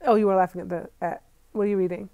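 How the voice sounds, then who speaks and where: Woman vlogger, young adult, chatty and laughing, middle-pitched voice, dry close sound. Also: steady tone, very fast, warm tone, no echo. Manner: chatty, laughs often, talks straight to viewers. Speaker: vlogger reading live chat comments. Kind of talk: casual live-stream chat.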